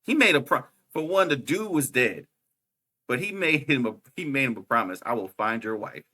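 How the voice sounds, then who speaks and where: A young man co-hosting a casual podcast chat, excitable and slangy, laughing often and saying "bruh" a lot. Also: on the high side, normal speed. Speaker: podcast co-host.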